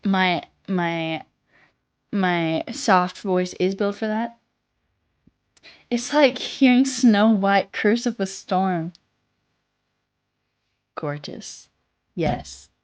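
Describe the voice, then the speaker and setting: A young woman with a soft, childlike voice, a little sick, chatting casually on a stream, reading chat and swearing offhandedly. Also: mid-range voice, fairly even intonation, very slow, pauses often, smooth. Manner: reads chat aloud, swears casually, sings snatches.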